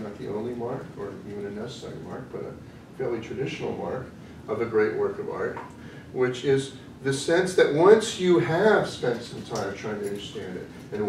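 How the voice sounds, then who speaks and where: A man giving an academic lecture, thoughtful and hesitant, often pausing with "um" as he works through his ideas. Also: medium pitch. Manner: thoughtful, hesitant with frequent ums. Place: lecture room. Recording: echoey room from a distance with faint noise.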